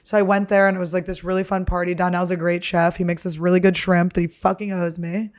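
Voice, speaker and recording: A woman's voice: fairly low pitch, quick pace. A woman comedian hosting a podcast, telling stories in a casual, chatty way, swearing freely and laughing as she talks. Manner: animated, laughs through her stories. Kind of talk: casual storytelling.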